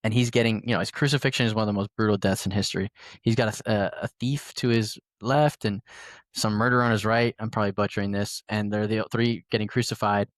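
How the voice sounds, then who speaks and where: A man's voice: on the low side, steady tone, quick pace, no room sound, clean studio sound. A young man hosting a podcast, telling a personal story in a rambling, casual way with many fillers. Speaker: podcast host. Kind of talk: casual conversation.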